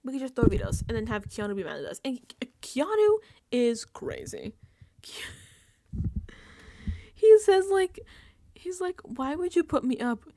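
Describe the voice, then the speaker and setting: A woman hosting a reality TV recap, ranting casually and acting out quotes in an exasperated, animated way. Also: high voice, measured pace, long pauses.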